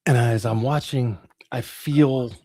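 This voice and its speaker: A man's voice: mid-range voice, steady tone, slow, mellow, no room sound, studio quality. A middle-aged man, an interview guest, telling a dramatic personal story with the odd laugh.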